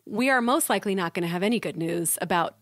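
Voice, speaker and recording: A woman's voice: medium pitch, fast, no room sound, clean studio sound. A woman co-hosting a podcast in casual chat, teasing her partner, laughing often and mimicking voices. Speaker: podcast co-host.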